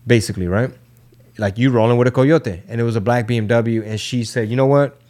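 Man, podcast co-host, slangy, profane storyteller, mid pitch. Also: steady tone, brisk, darkish tone. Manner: loose, profane, slangy storyteller acting out quotes. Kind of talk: casual chat, storytelling.

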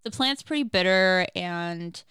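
A woman talks casually on a podcast, reading out facts and breaking in with quick exclamations. Her voice is recorded close and dry. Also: fairly low pitch, expressive, a bit bright, clean tone, no echo. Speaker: podcast co-host.

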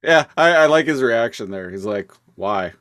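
A man's voice: medium pitch, lively intonation, normal speed, fairly bright tone, no echo. A man co-hosting a podcast, talking loosely and profanely with lots of filler words. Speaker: podcast co-host. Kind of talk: casual chat.

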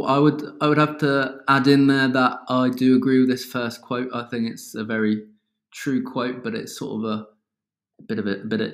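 A man, patiently explaining vocabulary to learners as a podcast host, with casual asides. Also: mid-range voice. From south of England. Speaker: English teacher and podcast host.

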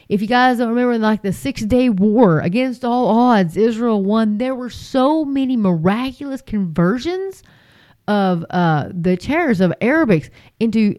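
A woman's voice: medium pitch, a little mellow, dry recording. A woman giving impassioned religious commentary, emphatic and repetitive, with frequent fillers. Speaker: Christian commentator.

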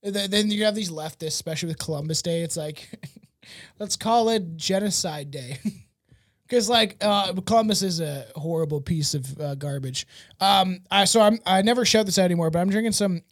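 A man's voice: high-pitched, normal speed, no echo, clean studio sound. A man hosting a podcast, rambling casually with frequent laughs and swearing. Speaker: podcast host.

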